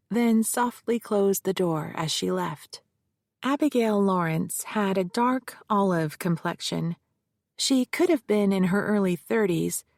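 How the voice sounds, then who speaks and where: A woman narrating a first-person mystery audiobook in a measured, steady storytelling voice. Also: fairly low pitch, no room sound, studio quality.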